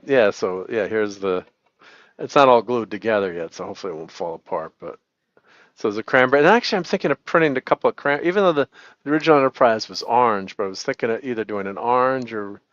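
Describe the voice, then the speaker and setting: A man's voice: lowish voice, expressive, fast talker, fairly bright tone, no room sound. Chuckling middle-aged man, dry dull sound. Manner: chuckling, rambling, lots of laughter. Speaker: host. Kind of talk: casual live-stream chat.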